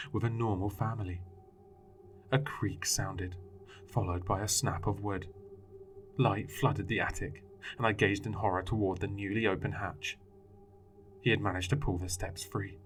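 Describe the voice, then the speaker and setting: A man with a very deep voice reads a horror story aloud in a grave, dramatic style. Faint music runs underneath the narration. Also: steady tone, moderate pace, pauses often.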